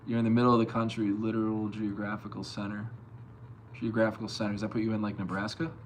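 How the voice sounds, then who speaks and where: A young man from Long Island streaming live as a bass player, loosely reading chat and answering with plenty of swearing. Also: flat delivery, fast, slight background noise. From Long Island, New York. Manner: loose and profane, reads chat aloud and answers.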